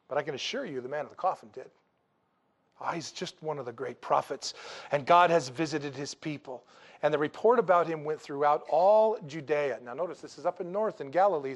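Man, preacher, sermon, humorous storytelling, acts out dialogue, fairly high voice. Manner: humorous, animated storytelling with laughs; acts out dialogue in a casual, jokey way. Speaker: pastor.

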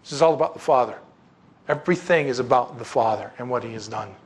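A man's voice: medium pitch, fast, husky. A man preaching a sermon in a conversational, folksy way, with casual asides and rhetorical questions. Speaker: pastor.

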